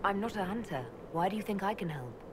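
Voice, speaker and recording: A woman's voice: medium pitch, expressive, fast, close to an everyday voice. A woman voicing a blunt game heroine. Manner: blunt, questioning and matter-of-fact. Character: female game hero, direct and practical leader. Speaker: player character. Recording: game audio with background noise.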